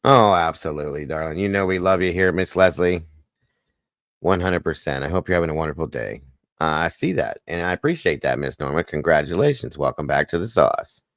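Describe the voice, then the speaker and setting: A man's voice: low-pitched, expressive, brisk, no echo, studio quality. A man hosting a casual livestream, chatting and greeting viewers by name one after another. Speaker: livestream host.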